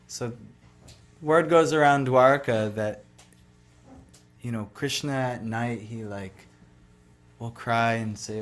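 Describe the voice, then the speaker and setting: Male devotional speaker, casual storyteller, mid-pitched, chatty and loose, heavy on filler words. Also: fairly even intonation, slow, pauses often, soft background music. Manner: loose, conversational, lots of "like" and "you know".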